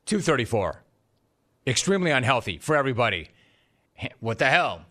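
A man hosting a sports talk show, delivering an energetic, sarcastic monologue with jokey asides in a studio. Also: mid-range voice, brisk, pauses often.

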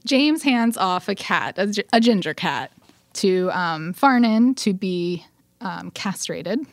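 Woman, podcast co-host, casual recap, acts out quotes, mid pitch, dry close sound. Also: slow pace, no room sound. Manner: animated retelling, acts out quotes, frequent fillers.

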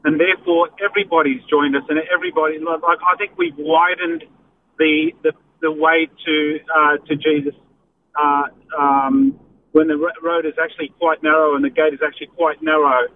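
A man calling in to a radio show, hesitant and full of pauses. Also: fairly high pitch, level tone. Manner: hesitant, lots of uh and um. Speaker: caller. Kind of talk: call-in radio talk. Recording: tinny phone line with faint noise.

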